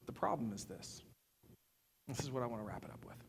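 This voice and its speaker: A middle-aged man preaching a sermon as pastor. He talks conversationally, with fillers and repeated words, and swings between loud, fervent bursts and quiet, intimate stretches. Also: mid-range voice, big pitch swings, brisk, creaky, pauses often, a little hiss or hum.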